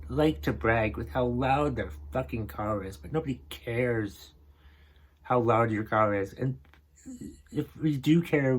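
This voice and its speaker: A man's voice: mid-range voice, a little hiss or hum. A man hosting a comedy podcast, ranting in a grumpy, exasperated and profane way about things that annoy him. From northern New England. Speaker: podcast host. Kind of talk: comedic rant.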